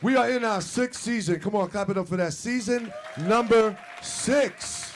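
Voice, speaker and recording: High-voiced hype man hosting comedy. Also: normal speed, some chatter behind, slight background noise. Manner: hype, loud, calls out to the audience; half-sings lines over the music. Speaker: comedy show host. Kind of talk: live stand-up crowd work. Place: comedy club stage before a live audience. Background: hip hop music.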